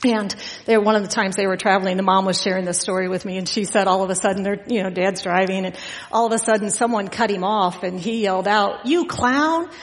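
A woman's voice: mid-range voice, flat delivery, fast talker. A middle-aged woman giving an informal Father's Day sermon as guest preacher, chatty and full of fillers as she tells family stories. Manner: chatty and storytelling, frequent fillers and laughs. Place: church sanctuary. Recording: long reverb of a church hall.

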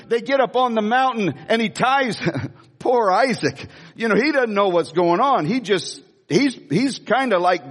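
A male pastor with a high, bright voice preaches in a large sanctuary, his words trailing off into a long hall reverb. He tells stories with animated energy, laughs often and repeats key phrases for emphasis. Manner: animated storytelling with frequent laughs and emphatic repetition. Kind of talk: sermon.

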